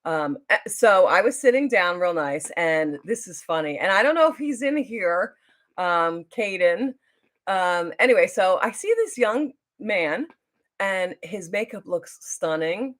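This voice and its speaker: A woman's voice: fairly low pitch, lively intonation, measured pace, a bit bright. A middle-aged woman telling a long story on her live stream, rambling and chatty, with lots of fillers and restarts. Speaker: YouTuber hosting a live stream.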